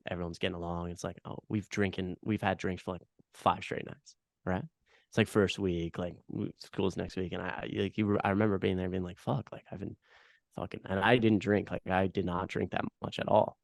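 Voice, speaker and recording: Deep-voiced young man, swearing, casual. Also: flat delivery, a little fast, creaky, dry recording, studio quality. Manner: filler-heavy, swearing, enthusiastic agreeing. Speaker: podcast host. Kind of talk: casual podcast chat.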